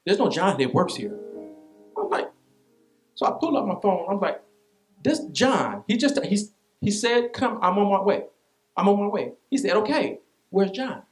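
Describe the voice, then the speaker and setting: A man preaching a sermon as pastor, telling a personal story in an animated, repetitive way with vernacular asides. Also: high voice, moderate pace, pauses often, faint music behind.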